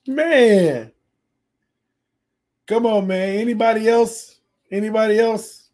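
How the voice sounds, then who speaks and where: Hoarse, excitable man hosting a gaming stream. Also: a little high, unhurried. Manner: excitable, trash-talking, reads chat comments aloud. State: hoarse, losing his voice. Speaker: sports channel host. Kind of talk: casual livestream gaming chat.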